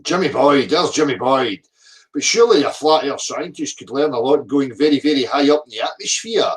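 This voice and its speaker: A man's voice: mid-range voice, fairly quick. A middle-aged man, ranting profanely at viewer comments, abrasive and mocking. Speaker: flat earth video commentator. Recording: voice a bit distant from the mic.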